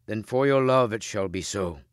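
A noble knight of legend speaks earnestly in a strained, low voice, holding back his feeling, as a man reading a storybook plays him. The sound is dry and close. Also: normal speed, no echo, natural voice.

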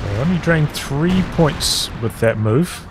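A man giving calm, analytical play-by-play commentary on a strategy game match. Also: fairly high pitch, slow, very noisy. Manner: calm, analytical, even-paced. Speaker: game caster. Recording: commentary over loud game sound. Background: gunfire, artillery and vehicles.

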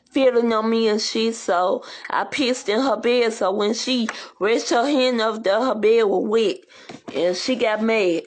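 A woman ranting bluntly and profanely in a casual livestream, rambling from one complaint to the next. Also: fairly high pitch.

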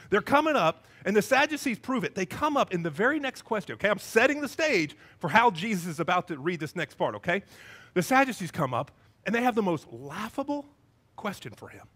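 Male pastor, sermon, high voice, animated storytelling. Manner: animated storytelling, acting out scenes.

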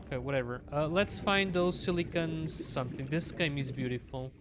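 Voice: mid-range voice, moderate pace, background noise. A streamer chatting casually with viewers while playing a game, talking to themself and sounding sleepy. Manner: chatty, talks to self and chat, sleepy. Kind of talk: casual live game commentary. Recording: game music playing behind.

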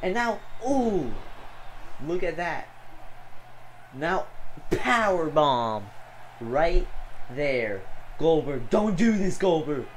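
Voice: mid-range voice, drawn-out words, pauses often, slight background noise, rough recording. A gamer calling a wrestling video game match play by play, exclaiming often and talking to the wrestlers on screen. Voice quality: excitable, full of gasps and "oh"s.

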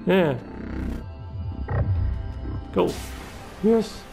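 A man's voice: high voice, extremely slow, gravelly. A man giving profane, exclamatory commentary while playing a video game. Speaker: gaming YouTuber. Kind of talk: let's play commentary. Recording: game music playing behind the voice.

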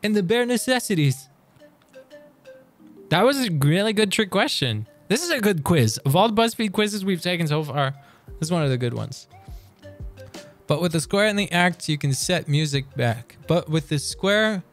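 A man streaming live and chatting casually through a quiz, excitable and quick to swear as he reads lyrics aloud. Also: high voice, soft background music.

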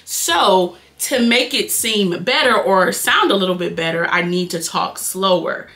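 A young woman with a nasal Detroit accent chatting fast and casually to her viewers while doing her makeup at home. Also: mid-range voice, animated, sharp tone. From Detroit, Michigan. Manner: fast-talking, chatty, addresses viewers as y'all. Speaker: beauty vlogger.

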